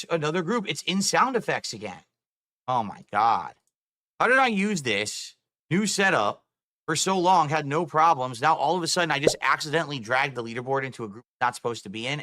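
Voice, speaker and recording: A man's voice: a little high, bright, forceful tone. A middle-aged man streaming live, talking to chat and swearing in exasperation over his broken setup. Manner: exasperated, swearing, talking through tech trouble.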